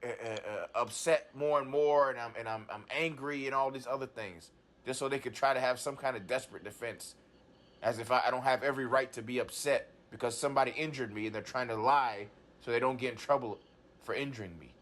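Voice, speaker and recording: Halting, agitated man. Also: medium pitch, fairly bright tone. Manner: halting, repeats words, frequent restarts. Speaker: client in a talk therapy session. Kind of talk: agitated personal account.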